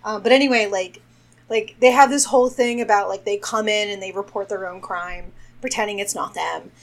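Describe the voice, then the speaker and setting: A woman's voice: medium pitch, steady tone, fairly quick. Brief: woman co-host, casual and chatty, acts out film dialogue. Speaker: podcast co-host.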